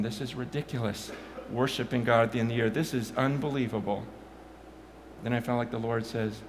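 A middle-aged man giving a passionate Christian testimony, stumbling over restarts and swinging from loud bursts to hushed murmurs. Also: medium pitch. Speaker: Christian speaker. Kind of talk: personal testimony talk. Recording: long hall reverb, faint noise.

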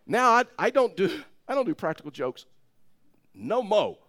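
Middle-aged male pastor, animated storyteller, slightly high voice. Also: fairly quick. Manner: animated storyteller, laughs through the tale. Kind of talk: sermon storytelling.

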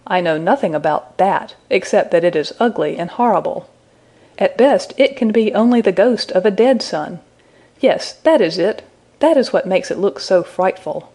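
Sulky proud young man, read by a woman, scornful, afraid of the dark, mellow low voice, storybook. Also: animated, moderate pace.

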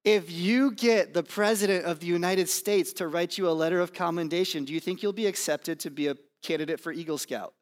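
A man preaching a sermon to his congregation in a conversational, self-deprecating way, with fillers and pauses. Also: high voice. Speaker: pastor. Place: church campus.

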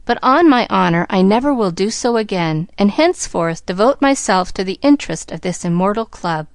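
A woman's voice: mid-range voice, expressive, normal speed, dry recording, clean studio sound, lightly acted. A woman voicing a playful teenage boy who speaks in a grand, mock-humble way.

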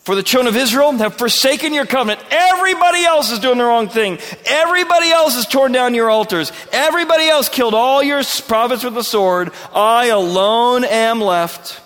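A man's voice: extremely high pitch, a little fast, few pauses, fairly bright tone, in a large hall, voice pushed up. A preacher voicing a self-pitying prophet who complains indignantly that he alone is left. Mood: indignant whining.

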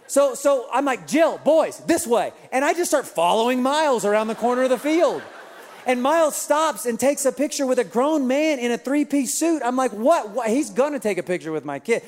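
A man pastor telling a lively story in an Easter sermon, acting out voices and laughing along with the crowd. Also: very high voice, moderate pace. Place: large church auditorium. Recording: long reverb of a large hall.

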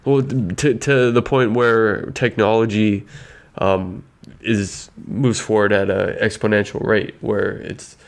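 Man, low gravelly voice, hesitant, restarts a lot, casual podcast chat. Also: fairly even intonation, slow pace. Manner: hesitant, many restarts and "I don't know". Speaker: podcast co-host.

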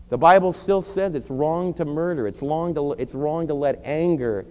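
Middle-aged man, pastor, earnest emphatic sermon, mellow tone, long hall echo. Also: a little high, normal speed, few pauses. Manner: earnest, emphatic preaching with confessional asides. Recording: long hall reverb, faint hum.

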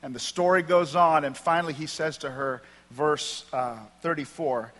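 Man pastor, higher-pitched, emphatic sermon reader, church sanctuary with lingering reverb. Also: steady tone, moderate pace, fairly bright tone. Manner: emphatic, with wry asides. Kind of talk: sermon with scripture reading. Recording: long hall reverb.

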